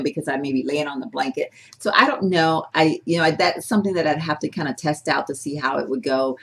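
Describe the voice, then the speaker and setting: Chatty, rambling woman beauty vlogger. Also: deep voice. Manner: chatty, rambling, animated, talks with her hands. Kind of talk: casual product-testing vlog.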